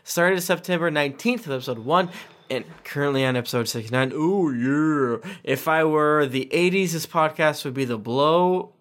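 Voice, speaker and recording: A man's voice: on the high side, moderate pace, fairly bright tone. A man hosting a casual podcast, reading listener reviews aloud with playful voices and asides.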